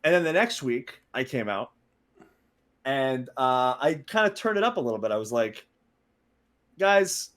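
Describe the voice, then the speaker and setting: A man casually telling a story on a stream, animated and laughing as he acts out what people said. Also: mid-range voice, moderate pace.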